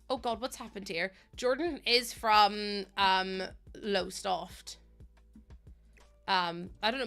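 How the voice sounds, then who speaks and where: Chatty Northern Irish woman, bright voice. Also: on the high side. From Northern Ireland. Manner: chatty, laughs often, rambling asides. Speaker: game streamer. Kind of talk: casual live-stream chat, greeting viewers.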